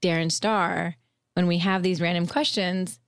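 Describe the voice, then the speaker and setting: A woman's voice: lowish voice, steady tone, measured pace, clean tone. A woman on a podcast chatting casually and asking the hosts questions. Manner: inquisitive, asks questions. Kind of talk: casual chat.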